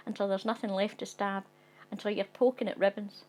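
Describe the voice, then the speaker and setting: A woman reads a darkly funny short story aloud, addressing the listener directly in a wry, conspiratorial way. Her voice sits at an everyday middle pitch, and she keeps it low and confiding before erupting into sweary indignation. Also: little pitch movement, brisk, darkish tone, soft background music.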